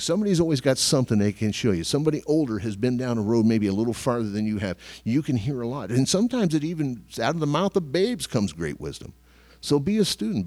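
A man's voice: medium pitch, a little mellow. A middle-aged man preaching a sermon as pastor, emphatic, repeating key phrases.

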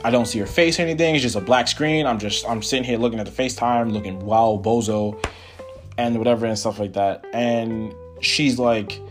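Animated, profane young man rambling. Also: medium pitch, moderate pace, soft background music. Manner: animated, profane, rambling retelling with many fillers. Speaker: podcast host. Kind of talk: casual solo storytelling.

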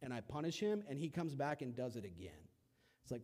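A young man preaching a casual sermon, telling stories with animated, acted-out quotes and big swings in loudness. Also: mid-range voice, a little fast.

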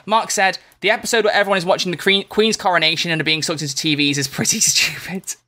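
Man, young adult, bright tone, slightly higher voice, casual podcast chat, playful, rambling. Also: fairly even intonation, quick pace. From United Kingdom. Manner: rambling, playful, many restarts. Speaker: podcast co-host.

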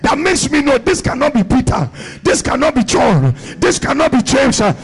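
A man preaching a charismatic sermon at a church service, shouting in rhythmic, repeating phrases with "uh" between them and commanding blessings over the congregation. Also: extremely high pitch, big pitch swings, moderate pace, breathy edge, rough recording.

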